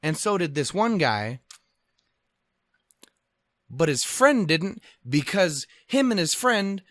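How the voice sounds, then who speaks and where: Rambling, swearing podcast host. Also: male voice, on the high side, very animated, slow, a bit bright, no room sound, clean studio sound. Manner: rambling, profane, self-deprecating. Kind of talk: casual solo storytelling. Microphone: podcast microphone.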